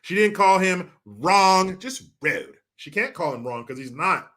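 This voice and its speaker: A man rants through political commentary with a sarcastic, profane, mocking edge. His voice sits high and bright, moving slowly with wide, lively swings in pitch. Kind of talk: ranting commentary.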